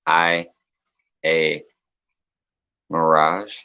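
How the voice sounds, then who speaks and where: A man's voice: low voice, measured pace, pauses often, fairly bright tone, low-quality recording. A man hosting a casual late-night livestream chat, reading comments aloud, laughing often and swearing freely. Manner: loose, joking, swears freely. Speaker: livestream host.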